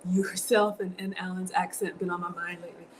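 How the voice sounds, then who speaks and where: A woman's voice: fairly low pitch, little pitch movement, fairly quick, slight background noise, low-quality recording. A middle-aged woman with a Southern US accent, chatting casually to live viewers while cooking in her home kitchen. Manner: chatty, greets viewers by name, reads out comments. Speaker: home cook streaming live. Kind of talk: casual livestream cooking chat.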